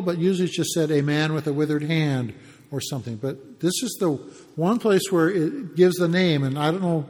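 Man, high voice, conversational Bible sermon, explanatory, long hall reverb. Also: darkish tone. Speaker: preacher.

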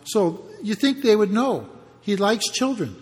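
A man preaching a sermon, explaining the passage in a conversational way with pauses and restarts. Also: high voice, sing-song, in a large hall. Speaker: pastor.

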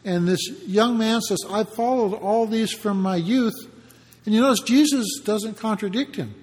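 High-voiced male preacher in a reverberant hall. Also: darkish tone. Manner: conversational, explanatory, with pauses and restarts. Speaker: pastor. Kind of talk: sermon.

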